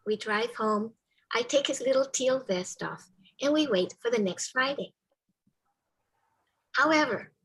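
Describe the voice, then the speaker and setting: A woman storyteller speaks slowly and gently, with a breathy, slightly husky voice. She keeps her telling soft and measured, often sinking into a hushed whisper. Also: fairly high pitch, poor audio. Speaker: storyteller, spiritual care volunteer with a therapy dog. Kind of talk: live personal storytelling.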